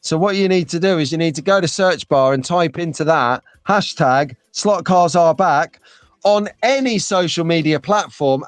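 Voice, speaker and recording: A fairly high-voiced man hosts a live stream in a chatty, excitable way, now and then winding himself up to a frantic, shouty pitch. The sound is dry and close, with no room around it. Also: no echo. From England. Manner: chatty and excitable, gets frantic and loud at times. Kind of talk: casual live chat reading viewer comments.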